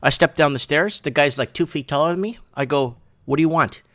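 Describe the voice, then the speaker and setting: A man hosting a casual livestream from his shop, rambling and excitable, often restarting and asking "right?". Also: on the high side, fairly quick. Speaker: livestream show host.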